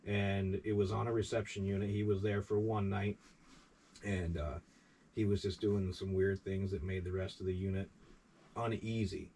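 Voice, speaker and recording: Correction officer, man, New York accent, casual storyteller who swears, low voice, distant mic. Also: level tone, moderate pace, dark tone. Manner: rambling anecdote, quotes others with "I says", casual swearing. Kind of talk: interview storytelling. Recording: distant mic with faint background noise.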